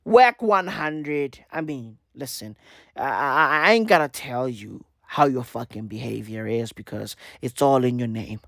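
A woman's voice: rumbling low, measured pace, creaky, no room sound, studio quality. A woman in a casual comedic rant, slangy and swearing, repeating herself, breaking into animal imitations. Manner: slangy, swearing, repetitive, playful, mimics animal sounds.

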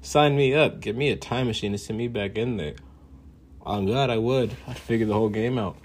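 Man, husky voice, mid pitch, casual boastful rant, swears a lot, laughs often. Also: brisk.

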